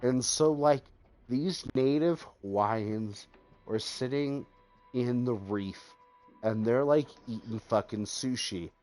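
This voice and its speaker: A man's voice: mid-range voice, takes it slowly, a little mellow, faint music behind. A drunk man streaming a game, rambling through a profane story with lots of "like". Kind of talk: casual storytelling while gaming.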